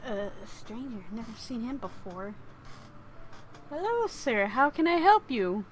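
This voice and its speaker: A woman's voice: a little high, lively intonation, unhurried, a little hiss or hum. A woman reading an earnest young game heroine. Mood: polite. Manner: earnest, wide-eyed.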